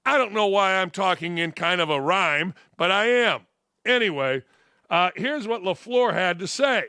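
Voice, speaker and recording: Sports talk host in his 60s, brash and rambling, high bright voice, dry studio sound. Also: lively intonation, moderate pace, clear, resonant tone, dry recording.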